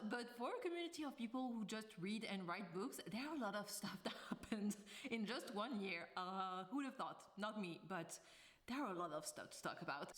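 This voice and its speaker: Chatty woman book vlogger. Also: medium pitch. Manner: chatty, tangents, frequent laughter. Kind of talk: casual commentary to camera.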